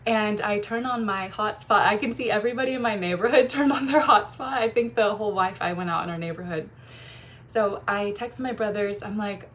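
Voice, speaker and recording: Young woman, relationship coach, chatty and effusive, laughs often, faint hiss behind. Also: medium pitch. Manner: warm, gushing, quick laughs and playful quoted voices. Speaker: feminine energy coach. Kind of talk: casual talking-to-camera advice.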